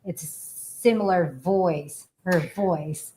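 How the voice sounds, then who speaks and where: A woman's voice: lowish voice, takes it slowly, warm tone, a little hiss or hum. A woman as a guest, adding brief chatty comments in casual talk. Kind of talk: casual chat.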